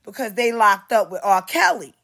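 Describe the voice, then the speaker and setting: A woman delivers a rambling, heavily profane podcast rant. She swears constantly and jumps between stories, acting out what others said to her in a sharper, louder voice. Her pitch sits in an ordinary middle range for a woman. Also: normal speed. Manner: heavy cursing, animated, mimics others in raised voice. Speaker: podcast host.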